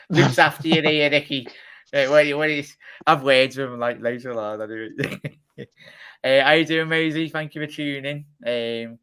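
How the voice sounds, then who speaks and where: A young man in his twenties hosts a casual livestream chat. He rambles loosely, laughs often and greets viewers by name. His voice sits at an ordinary male pitch. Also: fairly bright tone. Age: 20s. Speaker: livestream host.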